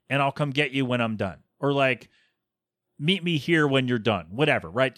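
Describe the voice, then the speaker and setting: Solo podcast host, thirties male, mid-pitched, rambling and exasperated, close dry mic. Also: a bit bright, dry recording. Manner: rambling, chatty, exasperated asides.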